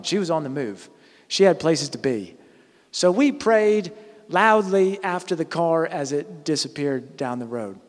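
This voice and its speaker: Brief: male preacher, conversational sermon, earnest with frequent restarts, slightly higher voice. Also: long reverb tail. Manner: earnest, restarts and self-corrects.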